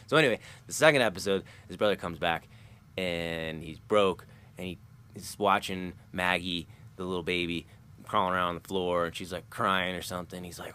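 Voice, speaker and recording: A man's voice: low-pitched, moderate pace, pushed and bright, clear, resonant tone. A man talking through a casual vlog monologue, rambling and chuckling as he loses his train of thought. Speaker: vlogger.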